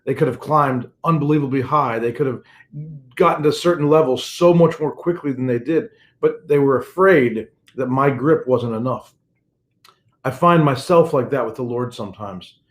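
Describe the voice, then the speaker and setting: A man's voice: medium pitch, normal speed. An older man gives a morning devotional as a pastor. His delivery is earnest and personal, and he circles back over key phrases for emphasis. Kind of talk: devotional sermon message.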